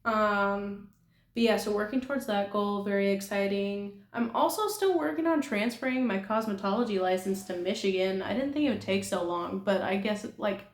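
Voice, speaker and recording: Speaking at a moderate pace in a medium-pitched voice, this young nail artist vlogger from California rambles through a casual chat with her viewers. She giggles often and pokes fun at herself, recorded in an echoey apartment room.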